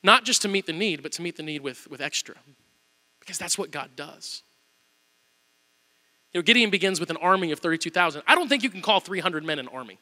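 A male pastor preaching a sermon, telling the story with animated storytelling and acting out the quotes. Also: sits high, a little fast, pauses often, in a large hall.

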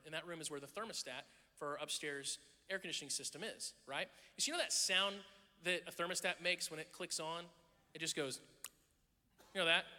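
A middle-aged man preaching a sermon, telling stories with jokes and acting out the voices of the people in them. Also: on the high side. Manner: animated storytelling, jokes and acted-out quotes. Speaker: pastor. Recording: long hall reverb.

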